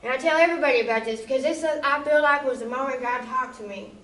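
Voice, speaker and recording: A woman's voice: sits high, fast, fairly bright tone, roomy sound, far from the mic, low-quality recording. A woman giving an emotional, conversational church testimony, often checking in with her listeners. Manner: emotional, conversational, often asks "you know?". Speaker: testimony speaker.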